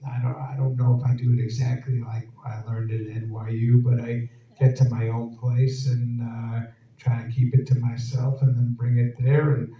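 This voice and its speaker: A man's voice: mid-range voice, level tone, moderate pace. A man telling laughing, rambling anecdotes to a live audience in an event hall. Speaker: actor guest at a Q&A. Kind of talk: casual storytelling on stage. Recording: echoey dull hall sound from far off.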